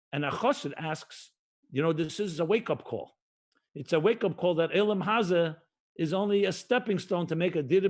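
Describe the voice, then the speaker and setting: High-voiced rabbi preaching with emphatic repetition. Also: male voice. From United States. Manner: emphatic, repetitive cadence, mixes Hebrew and Yiddish terms; slows and stretches key phrases. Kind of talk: livestreamed sermon.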